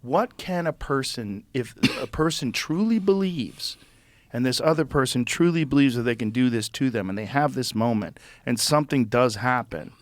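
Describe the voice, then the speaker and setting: Curious male host, measured and conversational, dry close sound. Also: mid-range voice, animated, dry recording. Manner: curious, reflective, asks probing questions. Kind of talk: casual conversation.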